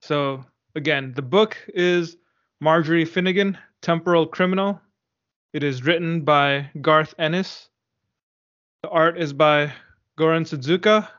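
A man co-hosting a casual podcast, easygoing and teasing with frequent laughter. He speaks slowly and unhurriedly, in a slightly higher voice than most men. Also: fairly even intonation, a bit bright, dull audio. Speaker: podcast co-host.

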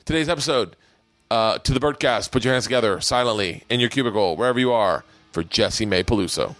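Middle-aged guy hosting a podcast, lowish voice, kinda rambly and swears a lot, dry close mic. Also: fast, a bit bright, no echo. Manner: rambling, profane storytelling. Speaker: podcast host. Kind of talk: casual chat. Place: home podcast room.

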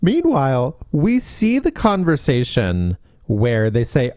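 A man's voice: medium pitch, huge pitch swings, takes it slowly, dark tone, dry recording, clean studio sound. A man co-hosting a podcast, recapping a book plot in a sarcastic, exasperated way. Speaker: podcast co-host. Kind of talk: casual book recap chat.

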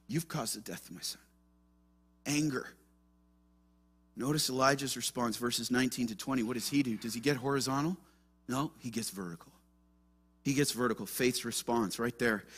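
A man's voice: medium pitch, moderate pace, fairly bright tone, slightly rough. A man pastor preaching an earnest sermon with emphatic rhetorical questions.

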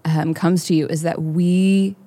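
A woman's voice: lowish voice, steady tone, unhurried, mellow. A young adult woman co-hosting a candid faith podcast, talking in a heartfelt, rambling way with many fillers. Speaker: podcast co-host.

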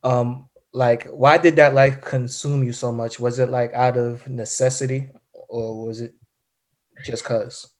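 A man interviewing a guest, asking halting questions with fillers. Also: medium pitch, flat delivery. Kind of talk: casual interview.

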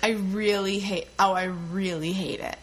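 A woman's voice: mid-range voice, unhurried, slight background noise. A woman in casual podcast chat, talking animatedly and peppering her speech with "like". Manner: chatty, animated, frequent "like". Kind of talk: casual chat recapping a reality show.

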